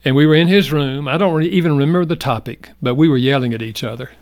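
An older man telling a personal story as a guest in a radio interview, speaking earnestly and reflectively, going soft at the tender parts. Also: a little high, fast, no echo. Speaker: guest, marriage counselor.

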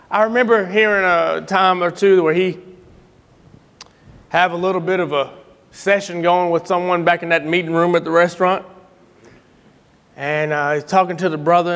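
A middle-aged man telling stories in a sermon style, animated, acting out quotes and laughing often. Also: sits high, long reverb tail. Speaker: speaker giving a tribute.

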